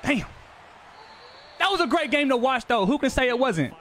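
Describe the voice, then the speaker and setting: A man's voice: very high-pitched, very animated, normal speed, fairly bright tone. A man streaming a football video game, chatting casually with his viewers in loose, profane slang, his voice jumping up when he gets defensive. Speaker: gaming streamer.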